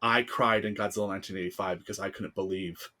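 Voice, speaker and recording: Animated, heartfelt storyteller with a man's voice. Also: sits low, fast. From United States. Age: 30s. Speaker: podcast guest. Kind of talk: casual podcast interview.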